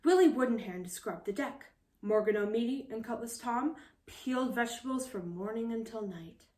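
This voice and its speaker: Brief: storybook reader, woman, bright higher voice, expressive, roomy echo. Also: normal speed, distant mic. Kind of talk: reading a children's picture book aloud.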